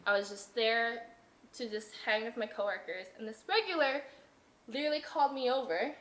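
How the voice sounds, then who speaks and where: Young woman, podcast host, casual chat, high bright voice, swears, acts out quotes, echoey room. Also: normal speed. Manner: animated, swears, acts out what others said. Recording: roomy echo.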